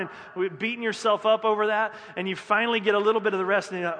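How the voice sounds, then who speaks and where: A man's voice: high-pitched, fast, few pauses, a bit bright. A man preaching a sermon as pastor, conversational and self-deprecating, with joking acted asides. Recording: echoey hall.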